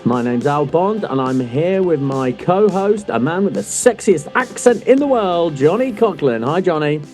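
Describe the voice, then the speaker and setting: Teasing male podcast host, lively pitch. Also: normal speed, faint music behind. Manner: teasing, jokey banter. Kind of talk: casual chat.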